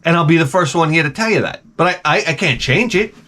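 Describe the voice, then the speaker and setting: A man's voice: fairly high pitch, lively intonation, fast talker, bright, forceful tone. Middle-aged Long Island guy, sarcastic rambling rant, lots of swearing. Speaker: vlogger. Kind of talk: ranting comedic storytelling.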